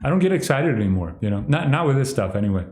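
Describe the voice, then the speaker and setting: A man's voice: mid-range voice, animated, very fast, a little mellow. Man, livestream commentator, sardonic, mocking, rambling, echoey room. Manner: sardonic, mocking, breaks into exaggerated impressions.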